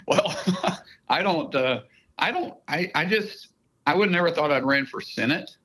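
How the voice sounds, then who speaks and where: A man's voice: on the high side, expressive, a little slow, bright, forceful tone, slightly rough, low-quality recording. A man with an Oklahoma accent, a senator giving a casual radio interview and laying out emphatic, detailed explanations. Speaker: senator, guest.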